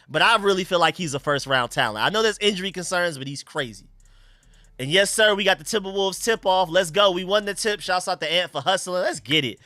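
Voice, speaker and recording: A young man hosting a casual live stream, chatting excitedly and thanking donors. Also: high-pitched, no echo, clean studio sound.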